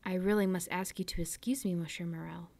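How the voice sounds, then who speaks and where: A woman's voice: on the low side, steady tone, a little fast, gravelly, a little mellow. Woman reading as Dantès, earnest young sailor. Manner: respectful, plainspoken. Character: earnest young male ship's mate.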